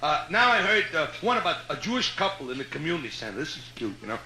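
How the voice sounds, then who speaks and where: A man's voice: a little high, big pitch swings, fast talker, sharp tone, slight background noise. A man with a Brooklyn accent doing live stand-up, telling jokes in a brash, chatty style full of "you know" and "right?". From Brooklyn, New York. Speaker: stand-up comedian. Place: hotel nightclub, live audience. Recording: echoey live room on old vinyl.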